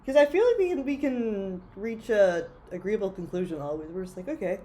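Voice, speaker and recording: A woman's voice: mid-range voice, animated, brisk, mellow, a little hiss or hum. A young woman co-hosting a book podcast, talking frankly and casually with lots of filler words. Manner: chatty, frank, heavy use of "like". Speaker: podcast co-host. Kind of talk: casual book-club chat.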